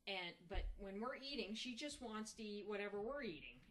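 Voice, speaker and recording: Bright-voiced woman telling stories haltingly. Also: medium pitch, a little hiss or hum. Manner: halting, many restarts, animated when mimicking. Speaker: interviewee. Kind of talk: casual storytelling interview.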